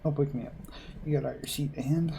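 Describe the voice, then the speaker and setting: A man reading a visual novel aloud and adding wry, deadpan asides. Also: fairly high pitch, fairly quick, creaky, slight background noise, rough recording. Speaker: gamer playing a visual novel.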